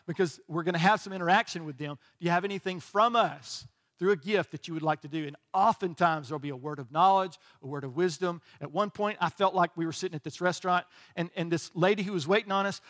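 A man's voice: high voice, fairly bright tone. A middle-aged male pastor preaching a sermon in a chatty, storytelling way, often checking in with "right?". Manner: conversational, storytelling, frequent "right?" asides.

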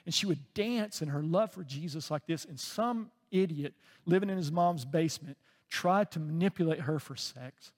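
A man preaching a sermon as pastor, telling a story with deep feeling and often dropping to a soft voice. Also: normal speed, long reverb tail. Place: church sanctuary.

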